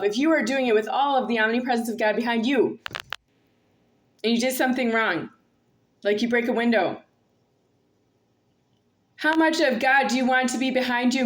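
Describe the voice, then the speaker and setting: A woman vlogging alone, rambling and confrontational, repeating herself as she speaks to an unseen "you". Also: on the high side. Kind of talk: rambling monologue to camera.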